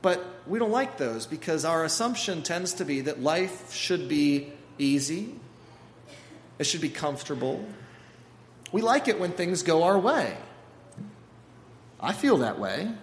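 A man preaching a sermon as pastor, animated and acting out the voices he quotes. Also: a little high, a little slow, long pauses, a little hiss or hum. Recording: echoey hall with faint ambience.

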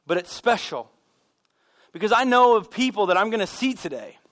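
A man preaching a sermon as pastor, telling animated stories with self-deprecating humor. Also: high voice, moderate pace. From United States. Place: church sanctuary.

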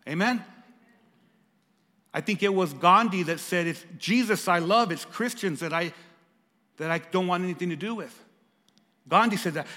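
A pastor preaching a sermon, swinging from raised, emphatic lines to hushed, soft ones. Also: male voice, high-pitched, lively intonation, normal speed, pauses often, in a large hall.

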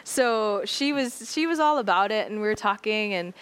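A woman from Maui, Hawaii, co-hosting a faith podcast, telling a story in a lively, animated way and acting out what people said. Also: mid-range voice, normal speed. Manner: lively, animated, often laughing, acts out quotes. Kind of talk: casual storytelling.

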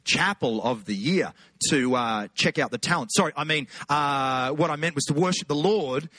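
A man with an Australian accent, a pastor telling funny stories in an animated sermon. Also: a little high, moderate pace, no room sound. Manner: animated, jokey, lots of put-on voices. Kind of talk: humorous sermon storytelling.

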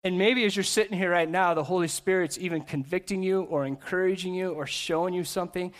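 A man preaching a sermon in church to a seated congregation, animated, acting out quoted voices and breaking into quick asides. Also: sits high. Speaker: pastor.

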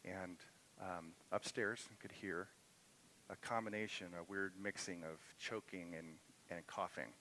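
A man's voice: low voice, fairly even intonation, unhurried, sharp tone, slight background noise, low-quality recording. A middle-aged man preaching a sermon in a church, telling a personal story and building to impassioned emphasis. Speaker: pastor. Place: church sanctuary.

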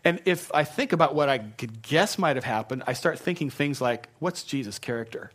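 A man preaching a relaxed, conversational sermon, his voice sitting at an ordinary middle pitch. He is chatty and self-deprecating, stops for many asides and restarts his sentences. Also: moderate pace. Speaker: pastor.

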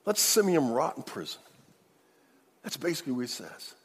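A middle-aged male pastor preaching a sermon, retelling a scripture story with animated acted-out dialogue. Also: medium pitch, normal speed, slightly rough, long reverb tail.

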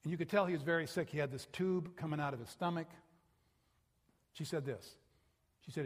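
A man's voice: fairly high pitch, brisk, long pauses. A male pastor preaching a sermon and telling stories with animation. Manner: animated, acts out the people in his stories. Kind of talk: sermon storytelling. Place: church sanctuary.

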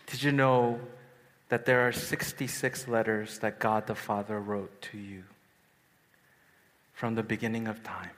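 A man in his thirties preaching a sermon at a youth retreat, telling a personal story with swings from hushed to excited. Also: lowish voice, measured pace, pauses often. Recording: long hall reverb.

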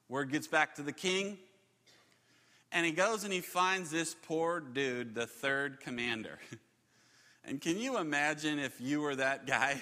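Bright, high-voiced male preacher in a reverberant hall. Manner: animated storytelling with laughs and acted-out quotes. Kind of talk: sermon.

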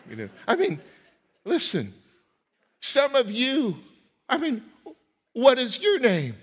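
A middle-aged man preaching a sermon, swinging between loud rising questions and low, quiet asides. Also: wildly swooping pitch, slow pace, pauses often, husky. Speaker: pastor. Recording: long hall reverb.

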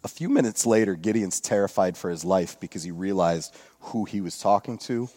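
A man's voice: sits low, expressive, brisk, warm tone. Man preaching a casual, joking sermon. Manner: casual storytelling with jokes and asides. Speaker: pastor. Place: church service.

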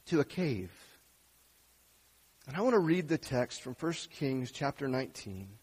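A male pastor giving a sermon, asking gentle, earnest questions of his congregation. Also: a little high, sing-song, normal speed, slightly rough, poor audio.

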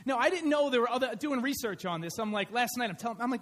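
A man preaching a conversational sermon in church, telling stories in an animated way. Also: extremely high pitch, fast. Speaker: pastor. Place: church sanctuary.

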